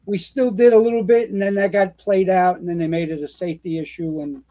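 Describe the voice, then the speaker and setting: A man, pitched noticeably high, spins rambling fire-station stories with plenty of fillers and restarts. The recording sounds dull and lo-fi. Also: a little fast. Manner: animated storyteller, rambling with many fillers and restarts. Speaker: retired fire captain guest. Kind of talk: casual storytelling interview.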